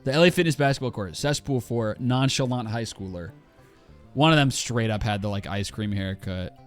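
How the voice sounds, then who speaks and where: A man's voice: medium pitch, normal speed, faint music behind. A man in his twenties ranting casually on a livestream while he plays a game, swearing a lot and full of fillers and restarts. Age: 20s.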